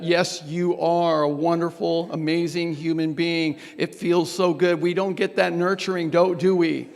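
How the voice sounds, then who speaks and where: A man's voice: high voice, vocal fry, big-room sound. A man leading a workshop group exercise, coaching and urging the room on with energy. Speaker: workshop presenter.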